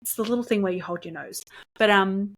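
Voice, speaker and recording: A young adult woman hosting her own podcast, telling a story in a chatty, animated way, laughing often and dropping in lots of ums. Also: mid-range voice, fairly quick. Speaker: podcast host. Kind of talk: casual storytelling monologue.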